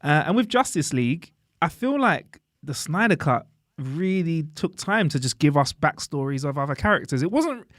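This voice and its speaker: A man co-hosting a casual podcast chat, lively and chatty, dropping British slang like mate and bruv. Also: a little high, normal speed, dry recording, studio quality. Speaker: podcast co-host. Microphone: studio podcast mic.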